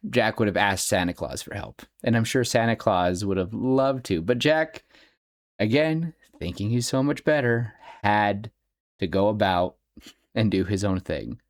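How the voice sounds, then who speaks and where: A man's voice: fairly low pitch, no echo. Gushing male podcast host, dry sound. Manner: gushing, rambling fan talk with laughs. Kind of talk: casual solo podcast commentary.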